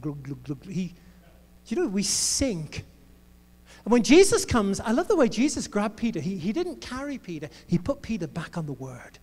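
High-voiced, playful male preacher. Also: very animated, normal speed, a little mellow. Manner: playful, jokey storytelling. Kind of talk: sermon. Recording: long hall reverb.

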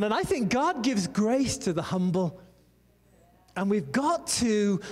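A male pastor with a high-pitched voice delivers a sermon like he's telling a story over coffee, stopping for loose asides. His voice rings out with a long reverb trail, as if he's in a big church hall. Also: darkish tone. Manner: conversational storytelling with many asides.

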